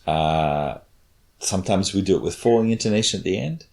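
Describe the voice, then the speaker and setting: A man's voice: deep voice, expressive, a little fast, vocal fry, a little mellow. A man, a cognitive scientist, explaining his experiments patiently in a casual chat and demonstrating intonation.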